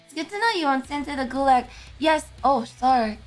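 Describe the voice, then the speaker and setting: A woman's voice: sits high, fairly quick, faint music behind. A woman streamer chatting casually with her viewers, sleepy and slurring her words. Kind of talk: casual livestream chat.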